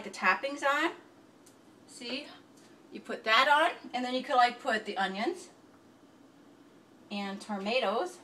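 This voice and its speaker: A woman's voice: a little high, sharp tone. A woman giving a casual, rambling cooking demonstration in her home kitchen, talking straight to the viewer. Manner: chatty, rambling, self-deprecating. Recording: distant mic with clear background noise.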